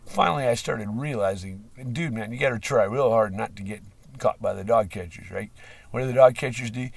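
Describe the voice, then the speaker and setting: Male, rambling profane monologue, husky voice, heard from a distance off the mic. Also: fairly low pitch, brisk, dry recording. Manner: rambling, profane, with frequent fillers and laughs; swings between loud outbursts and mumbling. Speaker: livestream host.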